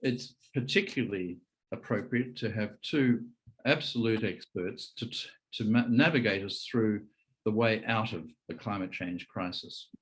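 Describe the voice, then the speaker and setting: A man's voice: on the low side, measured pace, a bit bright, breathy edge, low-quality recording. A man hosting a webinar, introducing speakers formally with frequent hesitations. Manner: hesitant, many fillers. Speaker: webinar host.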